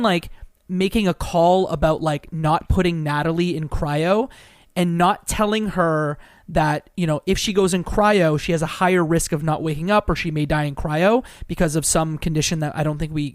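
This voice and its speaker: A man's voice: fairly high pitch, no room sound. Chatty man, dry close sound. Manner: rambling, heavy "like" filler. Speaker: podcast co-host. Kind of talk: casual chat about a video game.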